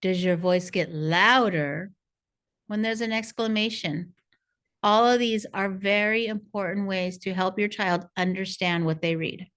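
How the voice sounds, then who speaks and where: A woman's voice: medium pitch, fairly even intonation, a little slow, fairly bright tone. A woman narrating a parent workshop as a reading coach, in a patient, encouraging teacher tone. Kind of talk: scripted instructional narration.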